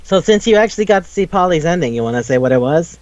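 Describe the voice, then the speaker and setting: A man chatting casually about a video game, rambling and swearing as he acts out the characters' lines in quick bits. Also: on the high side, expressive, a little mellow, dry recording, dull audio. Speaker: podcast co-host.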